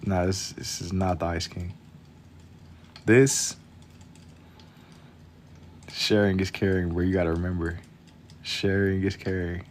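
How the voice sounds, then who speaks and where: A man's voice: low voice, little pitch movement, slow pace, pauses often, slight background noise. A young man chatting casually with viewers while drawing on a live stream, laid-back and slangy, keeping his voice down for the late night.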